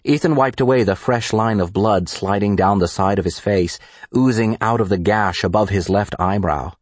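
A male narrator reading a thriller audiobook in a very low, measured voice. His delivery is deliberate and steady. The recording is close and completely dry. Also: no echo.

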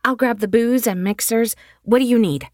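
A woman with a natural, slightly mellow voice on the high side, speaking at normal speed and pitched above her own voice, plays a bubbly, reckless young woman who is someone's little sister, eager and bossy. The recording is studio quality with no room sound.

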